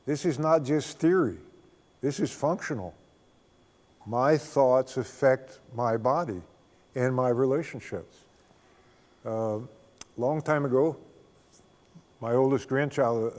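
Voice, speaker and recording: An older man giving a spiritual talk as a guest speaker, a folksy, unhurried storyteller who often chuckles. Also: medium pitch, a little mellow. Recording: long reverb of a hall.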